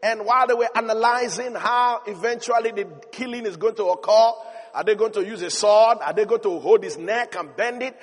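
A man preaching a sermon, telling the story with animation and building to emphatic shouts. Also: high-pitched, fairly quick. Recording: long hall reverb.

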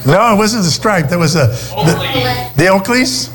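Middle aged guy preaching, chatty storyteller, lots of restarts, slightly high voice. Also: animated, unhurried, music in the background. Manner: storytelling, conversational, many restarts. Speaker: pastor. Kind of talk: sermon.

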